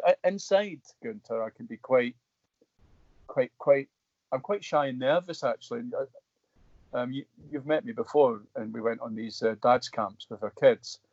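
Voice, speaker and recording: A middle-aged Scottish man, an actor guest, telling stories in an animated, rambling way with many restarts. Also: medium pitch, no room sound, muffled recording. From Scotland. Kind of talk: casual storytelling interview.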